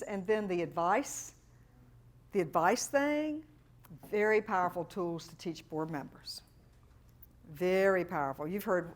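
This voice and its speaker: A middle-aged woman with a drawl leads a fundraising workshop. She tells her stories with animation and jumps up high to act out the people she quotes. Her pitch sits in the middle of the female range. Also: unhurried, pauses often. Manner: animated storyteller, acts out quoted voices. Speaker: fundraising consultant. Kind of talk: workshop talk.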